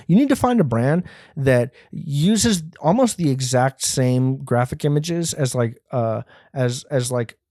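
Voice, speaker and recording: A man's voice: medium pitch, dark tone, dry recording, clean studio sound. A young man from the United States hosting a comedy podcast solo, rambling, swearing and laughing at his own jokes. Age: young adult. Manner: rambling, profane, often laughing. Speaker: podcast host.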